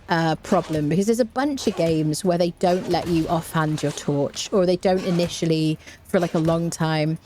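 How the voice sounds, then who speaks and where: A woman's voice: on the low side, a little mellow. A woman giving rambling, casual commentary while streaming a game, full of fillers and restarts.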